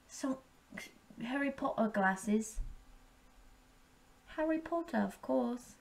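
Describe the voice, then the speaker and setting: A woman's voice: high-pitched, slow, pauses often, a little mellow. A young woman at home chatting casually on camera, reviewing drinks, rambling and swearing freely. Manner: laid-back, swears freely, rambling with many ums. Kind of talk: casual profane vlog chat.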